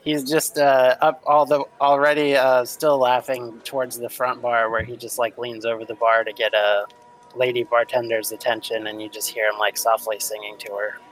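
A man's voice: little pitch movement, moderate pace, low-quality recording. A man narrating as game master of a tabletop game, in a casual, loose manner. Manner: casual, voices characters with raised pitch.

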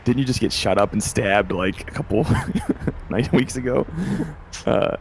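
A man's voice: medium pitch, animated, takes it slowly, slight background noise. A man narrating as game master of a tabletop game in a loose, filler-heavy way.

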